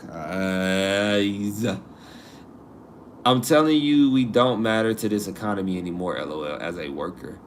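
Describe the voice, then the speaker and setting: A man hosting a live stream in casual chat, reading viewer comments aloud and answering in an animated, slangy way that repeats itself. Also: fairly low pitch, a little slow, slight background noise. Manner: animated, repeats himself, slangy asides and laughs.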